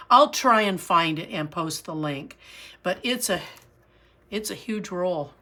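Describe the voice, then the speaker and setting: A middle-aged woman narrating a casual crafting tutorial, chatty and unhurried, pausing with fillers as she works. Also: fairly low pitch, a bit bright. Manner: chatty, with frequent fillers and restarts while working. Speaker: crafting channel host.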